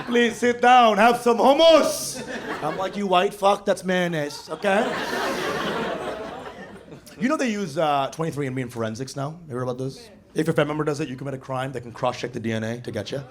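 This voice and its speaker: High, lively man doing stand-up. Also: noisy background. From Bangladesh. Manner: animated, jokey delivery with frequent laughter. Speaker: stand-up comedian. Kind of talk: stand-up comedy set. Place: comedy club stage with an audience. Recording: live club recording, loud crowd laughter.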